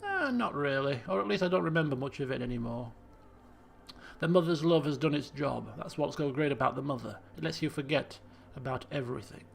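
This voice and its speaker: A man voicing a burnt-out former addict turned mystic in a video game, speaking slowly in a hushed, solemn tone. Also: fairly high pitch, animated, vocal fry. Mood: solemn, dreamy.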